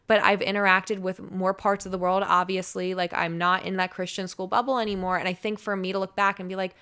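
A woman's voice: mid-range voice, level tone, fairly quick, fairly bright tone, smooth. A woman in her twenties, a radio personality guesting on a podcast, telling a personal story in a chatty way full of "like" and "um". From United States. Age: 20s. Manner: chatty, filler-heavy with frequent "like" and "um". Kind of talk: casual chat, personal storytelling.

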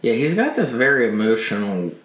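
A man's voice: medium pitch, big pitch swings, fairly quick, fairly bright tone, reverberant, a little hiss or hum. Man rambling casually on a podcast. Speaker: podcast co-host. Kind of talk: casual movie discussion.

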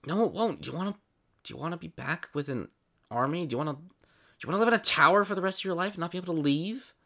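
A man's voice: on the high side, animated, very fast, vocal fry, bright, forceful tone, pitched above the performer's own voice, heavily acted. A man voicing an anxious, cautious companion who urgently pleads with a friend in a tabletop game. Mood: worried, pleading.

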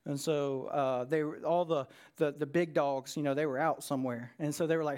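A man's voice: a little high, brisk, hardly any pauses. A man preaching a conversational sermon to a church congregation, telling stories with plenty of fillers. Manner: casual, storytelling, many fillers. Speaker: pastor. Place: church service with a live congregation.

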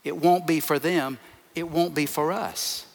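This pastor's voice is fairly high and gravelly, steady in tone and measured in pace. He preaches emphatically to his congregation with heaps of short, repeated phrases, echoing through a big hall.

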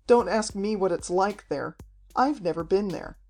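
Snarling, mocking male villain, as a woman reader puts him on, audiobook, loud and raised delivery, faint music under. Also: mid-range voice, a little slow. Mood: menacing.

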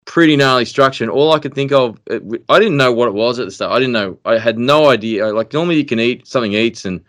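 An Australian man, a podcast guest, telling a story in casual chat, excitable and animated, trailing off into fillers. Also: mid-range voice, quick pace.

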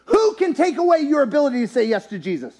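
A man preaching a sermon in a church, animated and joking, rising to shouts at his peaks. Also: very high-pitched, fast. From US, town near country. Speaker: pastor.

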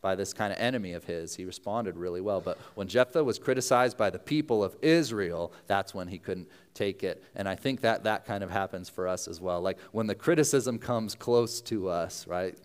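Conversational pastor in a reverberant hall. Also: male voice, low-pitched, normal speed, few pauses, smooth. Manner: conversational preaching, acting out quoted voices. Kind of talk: sermon.

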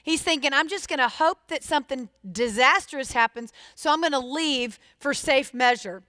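A woman preaching a sermon, expressive and putting questions straight to her listeners. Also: high voice, normal speed, no room sound, clean studio sound.

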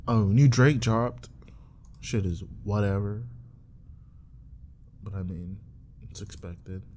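A man's voice: fairly low pitch, slow pace, dark tone, a little hiss or hum. A young man chatting casually on his own while browsing, rambling with profane, joking asides. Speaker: streamer. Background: keyboard typing and clicks.

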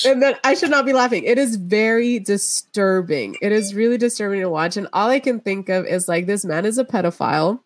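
A woman co-hosting a casual podcast, blunt and animated, who breaks into laughter between her jokes. Her voice sits in a middle register and is recorded close, with a dry sound and no room around it. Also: mid-range voice, dry recording. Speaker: podcast co-host. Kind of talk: casual chat.

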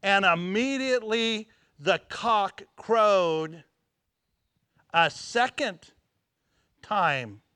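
A man preaching a sermon, acting out scenes dramatically and dropping to hushed tones at emotional moments. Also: high voice, animated, very slow, long pauses, clean tone, no room sound. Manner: dramatic, swings from loud exclamations to hushed near-whispers.

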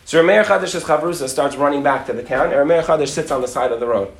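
Man, rabbi, high voice, animated storytelling, echoey room. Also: fast talker. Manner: acts out characters' voices, Yiddish and Hebrew words, laughs.

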